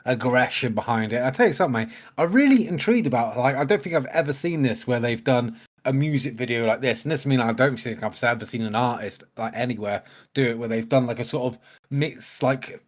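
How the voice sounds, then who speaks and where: A man's voice: medium pitch, lively intonation, a little fast. A man, a husband and father, co-hosting a music reaction show in a casual, enthusiastic chat, dropping in "like" and "mate" as he talks. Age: adult, a husband and father. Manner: chatty, enthusiastic, fills speech with "like" and "mate". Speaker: co-host of a music reaction channel.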